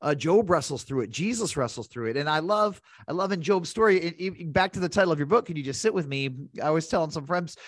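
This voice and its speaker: A man's voice: a little high, fast talker, few pauses, no echo. Earnest man host, dry close sound. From grew up Pentecostal. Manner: animated, earnest, tells stories. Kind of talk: conversational interview.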